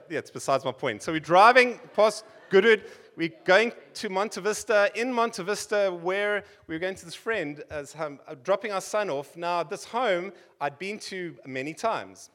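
High-voiced South African preacher. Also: male voice, expressive, normal speed, hardly any pauses, a bit bright. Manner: conversational, joking asides with the congregation. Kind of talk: sermon.

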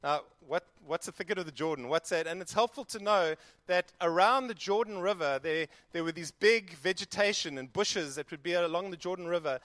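A man preaching a sermon in a church who acts out quoted prayers with animated delivery. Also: high voice, fairly quick, no room sound. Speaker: pastor.

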